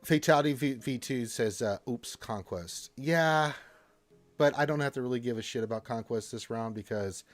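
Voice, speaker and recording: An American man hosts a gaming live stream in a loose, joking way, reading out viewer names and playing with silly voices. His voice sits at an everyday middle pitch. The sound is close and dry, with no room echo. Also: normal speed. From United States. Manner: joking, reads out chat names with playful put-on voices. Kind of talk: casual gaming chat.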